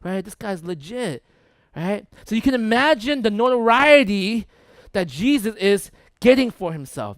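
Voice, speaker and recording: High-voiced pastor preaching conversationally. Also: male voice, a bit bright, no echo. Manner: conversational, checks in with "right?" and "okay?"; repeats words for emphasis. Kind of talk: sermon.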